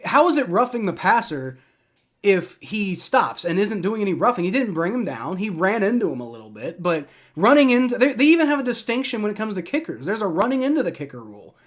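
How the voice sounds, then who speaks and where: Young guy fan ranting on a live game stream, kinda high voice, swears a lot. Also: a little fast. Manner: frustrated, swearing, excitable fan rants. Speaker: livestream reaction host. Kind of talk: live play-by-play reaction.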